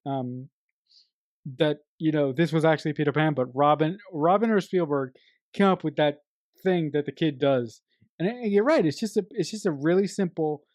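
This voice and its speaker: Movie podcast co-host, mid pitch, dry close sound, rambling trivia-sharer who bursts into quoted lines. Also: a little mellow, dry recording. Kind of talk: casual film review chat.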